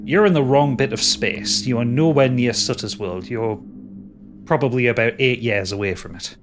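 A man narrating a tabletop game as game master, talking haltingly with many restarts. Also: mid-range voice, faint music behind. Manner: halting, full of restarts and fillers.

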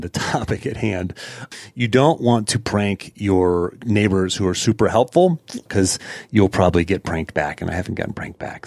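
A man's voice: low voice, creaky, no echo, studio quality. A man hosting a podcast, telling a story in a chatty way with fillers and laughing as he goes. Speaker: podcast host. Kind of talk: casual storytelling monologue.

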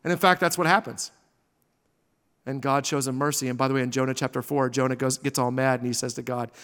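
A man preaching a sermon as a pastor, dramatic, swinging from loud exclamations to hushed near-whispers. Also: mid-range voice, fast, big-room sound.

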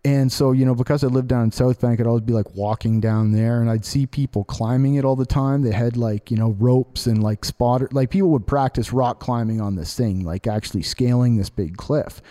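Laid-back man telling a story, dark voice. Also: mid-range voice, steady tone, a little fast, few pauses. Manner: rambling, many fillers and restarts. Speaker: podcast host. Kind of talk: casual storytelling.

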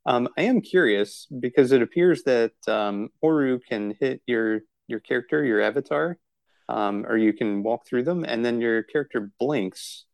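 A man co-hosts a relaxed podcast, joking as he chats. His voice is gravelly, with fry on the ends of phrases, and it sounds close and dry with no room around it. He laughs often. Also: medium pitch, moderate pace, no echo. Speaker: podcast co-host. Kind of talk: casual chat.

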